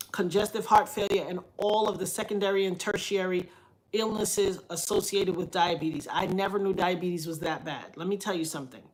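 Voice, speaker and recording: A woman hosting a livestream, telling a story in a preachy, animated way that swings from loud emphasis to soft asides. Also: medium pitch. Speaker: livestream host reading viewer comments. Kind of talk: casual storytelling monologue.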